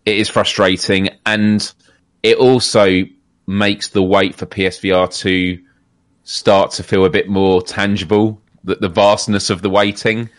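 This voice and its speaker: A man's voice: lowish voice, little pitch movement, unhurried, no echo. A man co-hosting a casual gaming podcast, thoughtful and a little hesitant, self-deprecating. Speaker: podcast co-host.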